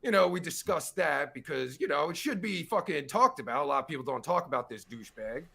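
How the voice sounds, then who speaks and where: A man's voice: fairly high pitch, expressive, brisk, creaky, sharp tone, slightly rough. Sarcastic, swearing man ranting. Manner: angry, sarcastic, swears constantly. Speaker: podcast host reacting to a recording. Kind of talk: profane ranting commentary.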